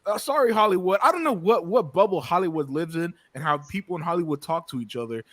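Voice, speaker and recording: Casual podcast host, a man in his thirties: a bit high, very dry recording, stammers and restarts constantly. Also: fast, no echo. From United States. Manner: animated, stammers and repeats words, swears freely.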